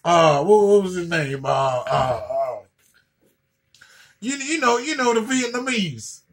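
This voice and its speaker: High gravelly man ranting comically. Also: slow. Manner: profane, repeats and stammers, animated. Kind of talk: comedic rant.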